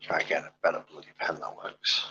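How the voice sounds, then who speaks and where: A man's voice: fast talker, bright, forceful tone, muffled recording. A man chatting casually on a live stream while he sets up his hobby gear, muttering to himself as he fiddles with things, on a wired headset. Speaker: streamer painting miniatures.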